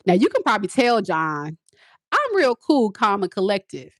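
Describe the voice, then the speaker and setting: A woman's voice: medium pitch, normal speed, no echo, studio quality. Sassy forty-year-old woman tarot reader. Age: 40s. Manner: candid, sassy, animated storytelling. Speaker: tarot reader and spiritual advisor. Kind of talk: live-stream chat answering viewers.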